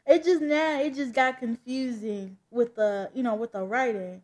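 A woman's voice: on the high side, fairly even intonation, normal speed, hardly any pauses, a little mellow. A woman reading a comic aloud and chatting casually about the story, laughing at it. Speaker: comic book reader. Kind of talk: casual read-along commentary.

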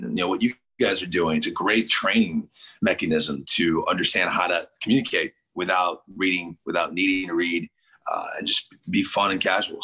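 A man in his forties from St. Louis, with a very deep, forceful voice and a husky edge. He tells stories in a relaxed interview and acts out the people he quotes with lively voices. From St. Louis, USA. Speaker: sports TV host as guest. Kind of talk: casual interview storytelling.

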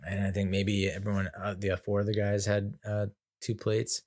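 A man's voice: on the low side, completely flat delivery, normal speed, a little mellow. An American man hosting a casual solo podcast, telling stories in a chatty, self-mocking way. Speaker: podcast host.

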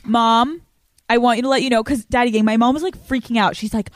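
A young woman in her twenties hosting a podcast, telling stories quickly and casually with plenty of swearing. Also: fairly high pitch, no room sound. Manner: fast, profane, animated storytelling. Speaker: podcast host. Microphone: studio microphone.

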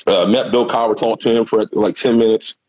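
A middle-aged man, a guest and former football player, telling a rambling, animated story in casual talk and swearing freely. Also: lowish voice, a little fast, lo-fi sound, slight background noise.

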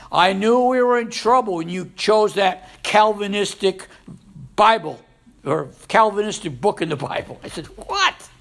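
A man preaching a sermon as a pastor, with sudden loud rises and soft drops. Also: fairly high pitch, creaky.

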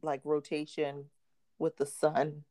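A woman with a low voice takes her time as she co-hosts a casual chat. Her storytelling is animated, full of acted-out quotes and frequent laughs.

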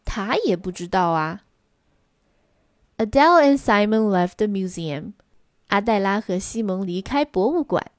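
A woman reading a children's story aloud in two languages, expressive and lively. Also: mid-range voice, measured pace, long pauses, no room sound, studio quality.

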